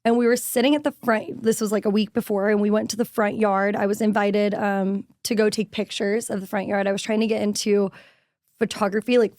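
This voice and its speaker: A young woman with a rustic, raspy voice, a content creator telling stories in a casual panel chat, full of "like" and fillers. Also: medium pitch, a little mellow, no room sound, studio quality. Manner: chatty storyteller, fillers and "like". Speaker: food content creator guest.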